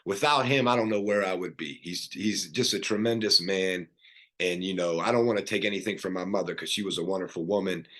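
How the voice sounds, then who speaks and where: Middle-aged man, low voice, earnest podcast guest recounting his past with fillers and restarts. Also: a little fast, a bit bright. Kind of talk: personal story in casual conversation.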